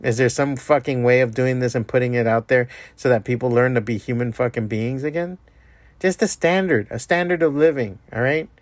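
A man's voice: mid-range voice, brisk, no echo. A man hosting a solo podcast, delivering a profane, exasperated rant. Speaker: podcast host. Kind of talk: ranting solo podcast monologue.

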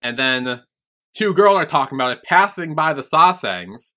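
A man's voice: on the high side, big pitch swings, normal speed, bright, forceful tone. A young man co-hosting a podcast, casually recapping a TV episode in a rambling way, swearing freely and acting out characters' lines. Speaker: podcast co-host.

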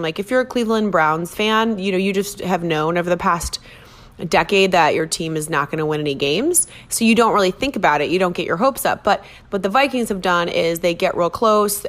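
A woman's voice: fairly low pitch, fairly bright tone. A woman from Minnesota hosting her own podcast, chatting casually in a rambling, self-deprecating way. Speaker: podcast host. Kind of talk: casual chat.

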